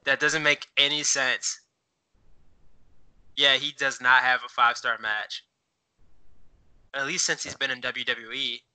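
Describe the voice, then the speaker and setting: Bright, smooth-voiced man chatting casually. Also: medium pitch, flat delivery, unhurried, pauses often, low-quality recording. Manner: rambling, many fillers, looks things up while talking. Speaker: podcast co-host. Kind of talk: casual chat.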